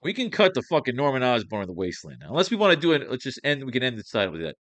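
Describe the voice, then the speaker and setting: A man's voice: medium pitch, very animated, rapid-fire, a bit bright, dry recording. A man teaching comics writing, thinking aloud as he drafts pages at home and swearing at his computer.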